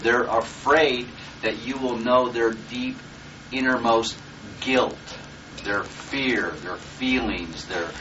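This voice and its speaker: A man teaches a seminar in a blunt, foul-mouthed manner, stopping often to ask if his point makes sense. His voice sits at an ordinary middle pitch. The recording is distant and dull, with a faint hiss behind it. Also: slow. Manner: blunt and profane, checks in with "okay?" and "does that make sense?". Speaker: seminar instructor. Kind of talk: live seminar talk.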